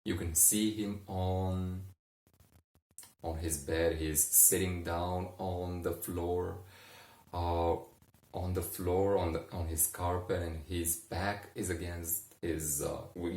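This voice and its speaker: A man narrates a bedtime sleep story softly, wandering and correcting himself as he goes. His voice is deep and unhurried. The recording is roomy and a little distant. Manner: meandering, self-correcting, soft-spoken.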